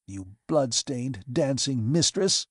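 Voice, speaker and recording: A man reading an audiobook, voicing a cold, determined man who speaks in grim, forceful declarations. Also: mid-range voice, lively intonation, slow pace, slightly rough, dry recording, clean studio sound. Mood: grim resolve.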